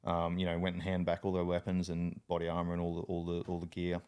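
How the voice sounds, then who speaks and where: Deep-voiced Australian man, swearing storyteller. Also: monotone, quick pace, a little mellow, smooth. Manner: profane, laughing storyteller. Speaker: army veteran. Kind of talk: casual podcast chat.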